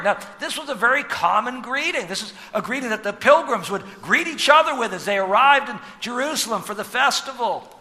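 A pastor with a strikingly high, bright and forceful voice preaches in a church, leaning on rhetorical questions and sudden swells of loudness. His words ring out with a long hall reverb behind them. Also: animated, moderate pace. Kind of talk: sermon.

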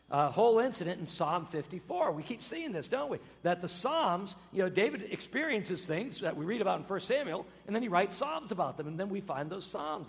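A man preaching a sermon as pastor, telling the story with animated swings from loud exclamations to hushed, slow emphasis. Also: high-pitched, in a large hall.

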